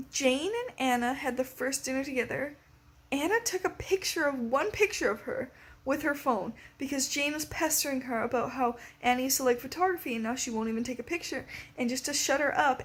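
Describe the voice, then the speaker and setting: A teenage girl talking casually in a reading vlog, rambling and excitable with lots of filler words. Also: sits high. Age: teens. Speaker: vlogger.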